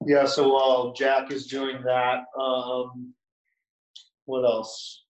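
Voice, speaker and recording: A man's voice: mid-range voice, monotone, slow, muffled recording. A man co-hosting a podcast in casual chat, making dry jokes and wry asides. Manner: dry, joking, adds wry asides and mock voices. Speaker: podcast co-host.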